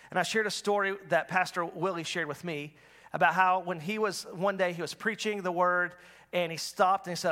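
A man's voice: a little high, sharp tone. A man preaching a sermon as pastor, talking in a conversational, storytelling way with frequent restarts.

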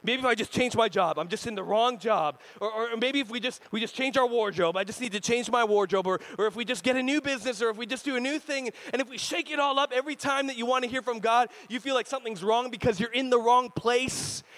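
Animated high-voiced male pastor preaching. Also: fast talker, few pauses, poor audio. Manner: animated, jokey, acts out voices and screams. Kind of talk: sermon.

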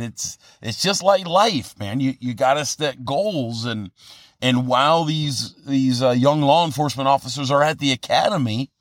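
A man's voice: mid-range voice, a bit bright, no echo, studio quality. A man in his fifties hosting a podcast, telling a personal story in a casual motivational monologue, earnest and rambling with many restarts. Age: 50s. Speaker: podcast host.

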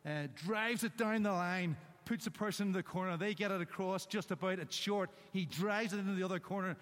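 A man's voice: sits high, brisk, a bit bright. Man preaching in a reverberant church hall. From Northern Ireland. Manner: punchy, anecdotal delivery with short one-word emphases. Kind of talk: sermon.

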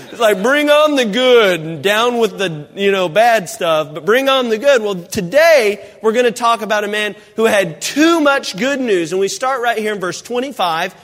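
A man preaching in a church, telling a humorous story with lively, animated delivery. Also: high voice. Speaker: pastor. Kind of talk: sermon. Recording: long hall reverb.

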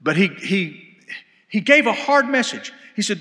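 A man teaching a Bible study in sermon style, telling stories with animated delivery, recorded live in a church hall. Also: high voice, unhurried. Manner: animated storytelling, shouting quoted lines.

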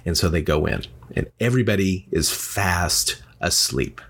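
A man's voice: low voice, measured pace, creaky, a bit bright, breathy edge. A man casually retelling a folktale, chatty, with lots of fillers and asides. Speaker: storyteller.

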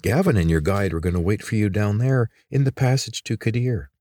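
A sharp-tongued teenage girl, put on by a man reading a story aloud, blunt, sarcastic and quick to take offense. Her voice rides higher than his own and swings lively up and down. The sound is dry and close. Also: dry recording, close to an everyday voice. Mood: brisk, impatient.

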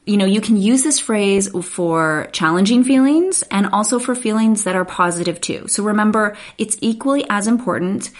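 A woman's voice: mid-range voice, lively intonation, moderate pace, few pauses. A woman in her thirties hosting a podcast. She gives family communication tips in an earnest, encouraging way and often checks in with a "right?". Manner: earnest, encouraging, speaks straight to listeners with frequent "right?". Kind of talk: warm advice podcast talk.

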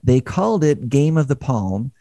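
A man's voice: mid-range voice, very animated, normal speed, mellow, no room sound, studio quality. Upbeat chatty middle-aged man hosting. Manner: upbeat and chatty, jokey asides. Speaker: host. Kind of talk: casual studio chat. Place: studio.

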